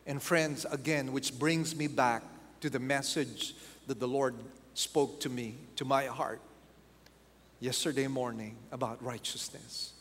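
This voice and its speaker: A man's voice: mid-range voice, fairly even intonation, unhurried, a bit bright. A man preaching a sermon as pastor, acting out quoted voices and repeating key phrases for emphasis. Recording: long hall reverb.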